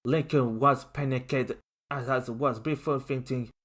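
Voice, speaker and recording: Slow, halting fan fiction narrator. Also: mid-range voice, fairly even intonation. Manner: halting, stumbling reading.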